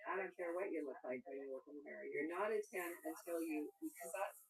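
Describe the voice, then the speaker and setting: A woman, a mother, giving lively, repetitive dating advice in a casual conversation. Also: deep voice, fast talker, recorded from a distance, poor audio. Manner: animated, advice-giving, repeats herself. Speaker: guest, mother of a friend of the host.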